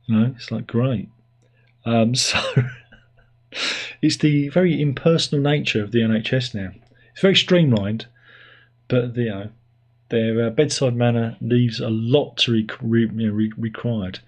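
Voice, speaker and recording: A man with an English accent talks casually to his livestream viewers in a middle-pitched voice with a husky edge. He rambles and pokes fun at himself. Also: unhurried, long pauses, darkish tone, muffled recording. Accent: British (England). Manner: rambling, self-mocking, puts on silly voices for his dog. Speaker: livestream host. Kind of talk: casual chat.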